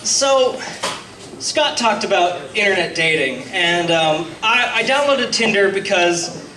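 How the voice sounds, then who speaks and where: A man's voice: high voice, lively intonation, slow. Young guy doing stand-up, lots of ums, kinda distant mic in an echoey club. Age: 20s. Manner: hesitant, awkward, self-deprecating delivery with many ums. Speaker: stand-up comedian and host. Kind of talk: stand-up comedy set. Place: comedy club stage. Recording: roomy club sound, mic heard from a distance, loud crowd laughter. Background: audience laughing.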